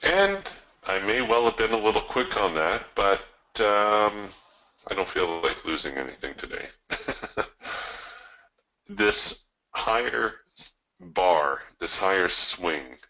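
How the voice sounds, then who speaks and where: A man's voice: on the low side, expressive, takes it slowly, pauses often, bright, forceful tone, poor audio. A man coaching live trading, talking through his trades in a folksy way with chuckling asides.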